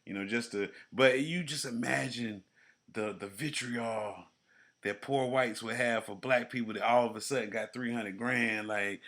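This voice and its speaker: A man co-hosting a podcast in casual, profane, animated chat. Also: medium pitch, measured pace. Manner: profane, animated, jokey storytelling. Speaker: podcast co-host.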